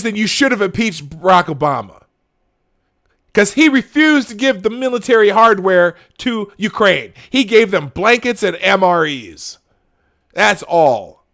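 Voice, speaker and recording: Male talk-show host, ranting and sarcastic, higher voice with wide swings. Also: sing-song, moderate pace, fairly bright tone. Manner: heated, swearing, sarcastic. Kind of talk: ranting political commentary.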